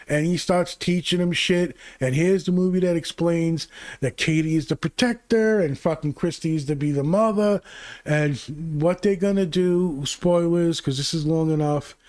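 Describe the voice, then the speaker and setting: A man hosting his own channel, recapping movies in a casual, rambling, profane way that grows excitable. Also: fairly high pitch, dry recording, studio quality. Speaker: channel host.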